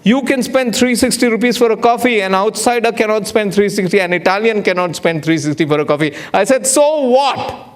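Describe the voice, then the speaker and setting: A man's voice: high voice, fast, few pauses. A man giving a public lecture, rhetorical and playful, often putting questions to the audience. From India. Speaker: guest lecturer.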